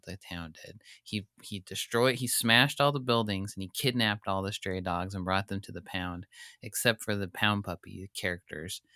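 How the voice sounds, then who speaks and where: A man's voice: fairly low pitch, sharp tone, clear, resonant tone, no echo, clean studio sound. A man co-hosting a podcast in a joking, chatty way, laughing often. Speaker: podcast co-host. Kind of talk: casual chat.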